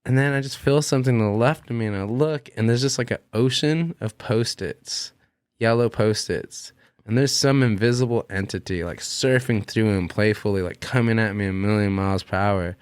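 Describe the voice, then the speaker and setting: A young man, a podcast guest, telling a long personal story in casual chat, animated and swearing freely as he acts out what he said. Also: lowish voice, moderate pace, smooth, no echo.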